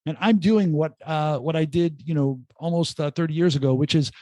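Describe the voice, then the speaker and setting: A middle-aged man, an entrepreneur guest, telling his story in a casual podcast interview with animated, joking asides. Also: on the high side, fairly quick, dry recording. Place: remote call.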